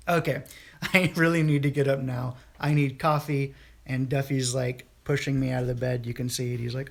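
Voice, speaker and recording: A man's voice: medium pitch, little pitch movement, moderate pace, creaky. A man in his thirties telling a dream story in a casual morning vlog from bed, rambling with many fillers and restarts. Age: 30s. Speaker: vlogger. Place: home, in bed.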